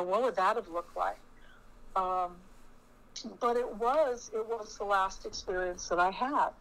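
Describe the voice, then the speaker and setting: A middle-aged woman telling a personal story in an earnest, halting way, often restarting her sentences. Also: mid-range voice, fairly bright tone, low-quality recording. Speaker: spiritual storyteller.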